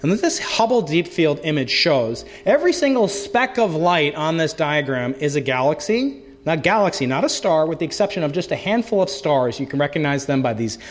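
A middle-aged man gives a public science lecture in a hall, his fairly high voice ringing with a long echo. He is animated and playful, jumps between jokes and explanations, and often restarts his sentences. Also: fairly quick, hardly any pauses, slight background noise. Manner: animated, joking, with frequent restarts. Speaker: astrophysicist giving a public lecture.

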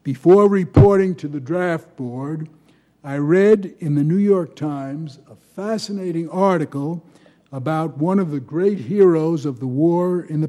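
An older man recounting a personal story as a panelist at an academic talk, measured and precise. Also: fairly high pitch, warm tone. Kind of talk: anecdotal conference talk.

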